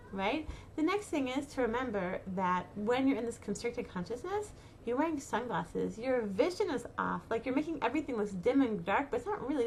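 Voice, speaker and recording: Animated woman with lots of fillers. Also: on the high side, slight background noise. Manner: many fillers and restarts, animated with dramatic acted-out inner thoughts. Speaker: inspirational speaker to mothers. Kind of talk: casual spoken advice talk.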